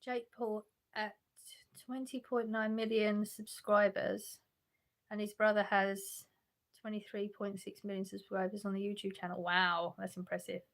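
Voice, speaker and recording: A woman speaks at a measured pace in a medium-pitched, level voice. She's hosting a relaxed livestream from her home sofa, reading viewer messages out loud and responding, with frequent laughter and restarts.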